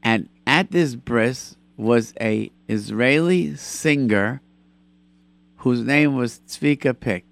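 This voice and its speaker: A man hosting a call-in radio show, chatting with callers and telling animated stories with lots of repetition. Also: mid-range voice, takes it slowly, creaky, no room sound. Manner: animated storyteller, repeats himself for emphasis. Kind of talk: call-in radio chat and storytelling.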